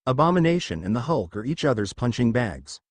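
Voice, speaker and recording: A man voicing a calm, persuasive villain leader in a story reading. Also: medium pitch, a little fast, no echo. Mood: scheming. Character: smooth scheming male villain leader.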